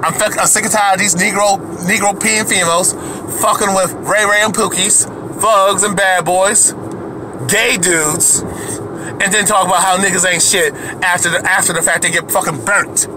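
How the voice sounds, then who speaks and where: A man's voice: sits high, fairly even intonation, moderate pace, noisy background. A man delivering an angry, profane rant to camera as a video commentator, heated and repetitive, often restarting his sentences.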